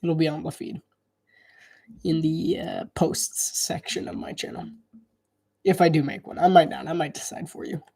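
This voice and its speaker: Commentating a football match live, a man keeps things casual and chatty, musing aloud, hedging, and restarting often. His mellow voice is on the high side with a steady tone and vocal fry, at a moderate pace with frequent pauses.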